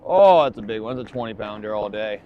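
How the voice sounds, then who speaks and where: A man commercial fishing on a boat, live-streaming to his chat and swinging from hyped shouts to low muttering. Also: lively intonation, fast talker, phone-quality sound.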